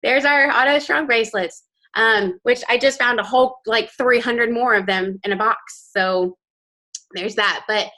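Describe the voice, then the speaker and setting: A woman's voice: a little high, measured pace, bright, forceful tone. Young woman, motivational guest speaker, fervent and candid, on a video call. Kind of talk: motivational team training talk.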